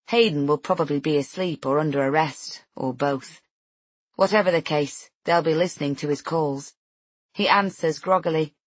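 A woman's voice: sits low, normal speed, no room sound. A woman narrating a novel in first person, tense and introspective. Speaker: audiobook narrator.

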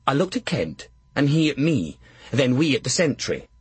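A man's voice: medium pitch, big pitch swings, normal speed, husky, dry recording. A man narrating an audiobook with character voices, in a dry, wry way.

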